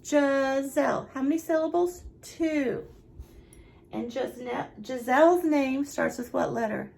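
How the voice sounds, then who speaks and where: A young woman, a nursery teacher going slowly and encouragingly through a lesson for small children. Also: high-pitched, gravelly, darkish tone. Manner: slow, sing-song, encouraging teacher talk.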